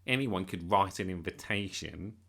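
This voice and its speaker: Drawling bully kid, as a man reads him, sneering and slow, gravelly. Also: low voice, fairly bright tone, heavily acted.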